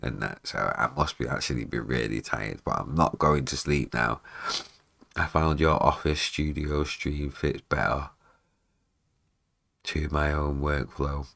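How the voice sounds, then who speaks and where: A man's voice: very deep voice, fairly even intonation, measured pace, gravelly, a bit bright. A man, chatting casually to his viewers during a live stream, swearing freely, tired and yawning. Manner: chatty, swears casually, talks to chat between tasks. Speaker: music producer streaming live.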